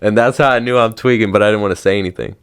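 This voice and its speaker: A man's voice: lowish voice, steady tone, racing, smooth. A young man casually telling a rambling story on a podcast, slangy and swearing often. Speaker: podcast host.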